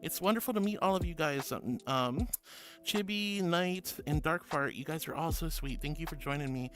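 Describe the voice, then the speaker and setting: High-voiced gentle male streamer. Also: moderate pace. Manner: gentle and affectionate, calls viewers honey and sweetie. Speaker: VTuber streamer. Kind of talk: casual livestream chat, reading viewer messages.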